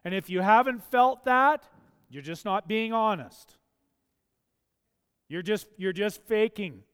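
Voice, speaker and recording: A man's voice: sits high, animated, slow, a bit bright, clean tone. A man preaching a sermon, earnest and asking pointed, emphatic questions. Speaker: pastor. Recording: long hall reverb.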